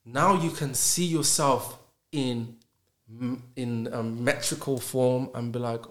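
A man, a podcast guest talking in animated casual conversation and stacking rhetorical questions. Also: mid-range voice, slow. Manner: emphatic, rhetorical questions, acts out dialogues.

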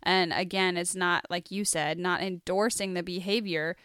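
A thoughtful woman co-hosting a casual Bible discussion, her voice smooth and resonant. She speaks close to the mic in a dry space and leans on casual fillers as she thinks aloud. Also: on the low side, fairly even intonation, normal speed, fairly bright tone, no room sound. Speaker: podcast co-host.

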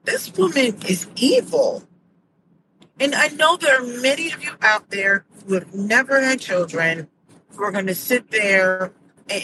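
Middle-aged woman host, emphatic opinion monologue, audible hiss underneath the voice. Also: on the high side. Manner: indignant, emphatic storytelling. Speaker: podcast host. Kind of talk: casual commentary monologue. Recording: noticeable background noise.

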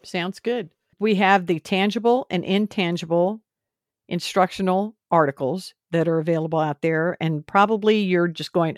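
Low-voiced woman podcast host. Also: moderate pace, dry recording, clean studio sound. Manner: encouraging, asks follow-up questions. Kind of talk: podcast interview.

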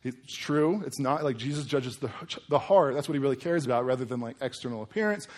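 A man preaching in a loose, talky way, full of asides and quick rhetorical questions to the room. His voice sits in an ordinary middle range, neither deep nor high. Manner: casual, animated preaching with frequent asides. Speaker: pastor. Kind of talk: sermon.

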